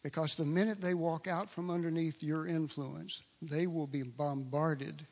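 A man's voice: fairly high pitch, fairly even intonation, a little slow, gravelly. A man preaching a sermon, emphatic and fond of repeating phrases for stress. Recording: long reverb of a large hall.

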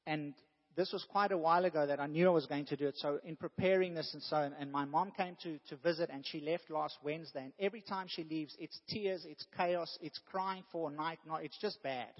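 A man's voice: on the high side, fairly even intonation, fairly quick. A man preaching a sermon in an earnest way, rising now and then to emphatic bursts. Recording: dull sound with long hall reverb.

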